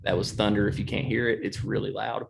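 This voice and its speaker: A man's voice: on the low side, level tone, fast talker, vocal fry. A man, co-hosting a casual chat and rambling through a story, laughing often. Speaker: podcast co-host.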